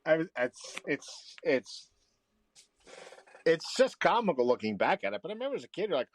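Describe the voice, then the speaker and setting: A man chatting as a podcast guest, his pitch swinging widely as he talks. He laughs easily, and the sound is close and dry. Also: very animated, normal speed, no room sound. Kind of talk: casual chat.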